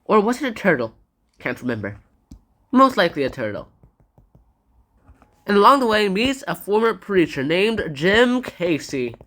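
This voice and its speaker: A woman's voice: medium pitch, very animated, normal speed, pauses often, a bit bright. A woman giving a casual, playful book summary and acting out the dialogue. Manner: chatty, playful, acts out dialogue.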